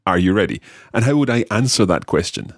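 Man, language course host, low voice, husky, dry studio sound, careful repetition. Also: animated, dry recording. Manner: slow careful repeating of phrases. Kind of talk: friendly scripted lesson banter.

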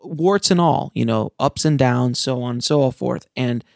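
Middle-aged male host, gravelly voice, earnest and impassioned, loose unscripted monologue. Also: mid-range voice, a little slow, dry recording, clean studio sound. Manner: earnest and passionate, with frequent restarts. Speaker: filmmaker and podcast host. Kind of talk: casual monologue to listeners.

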